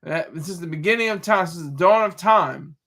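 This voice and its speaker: A man with a high, bright voice talks loosely off the cuff as a stream host, answering his chat. His delivery halts often, doubling back on words and correcting himself mid-sentence. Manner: rambling, halting, frequent restarts and self-corrections. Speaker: livestream host reading chat. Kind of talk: casual rambling commentary.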